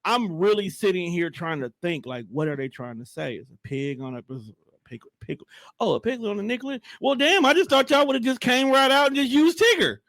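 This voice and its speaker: Man, podcast co-host, slightly high voice, dry sound. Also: expressive, fairly quick, fairly bright tone, no room sound. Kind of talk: casual podcast banter.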